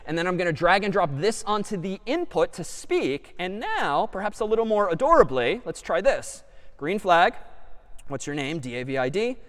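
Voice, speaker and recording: Male lecturer, animated delivery, high pitched, reverberant lecture hall recording. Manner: lively and animated, thinking aloud. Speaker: computer science lecturer. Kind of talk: live lecture with demo.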